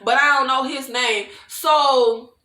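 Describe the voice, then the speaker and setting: A woman giving a casual, animated TV recap, slangy and laughing often. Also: high voice, takes it slowly, roomy sound. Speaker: show recap reviewer.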